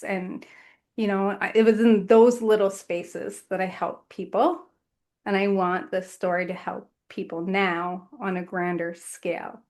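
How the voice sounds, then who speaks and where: A woman, a guest author on a podcast, speaking in an earnest, measured way in short phrases. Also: mid-range voice, flat delivery. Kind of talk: reflective podcast conversation.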